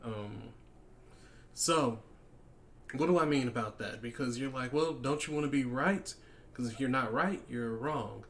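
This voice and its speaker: A man speaking in a relaxed, conversational monologue at a middle pitch. He often restarts his sentences and slips into quick acted-out exchanges to make his point. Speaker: podcast host. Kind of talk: casual monologue giving life advice.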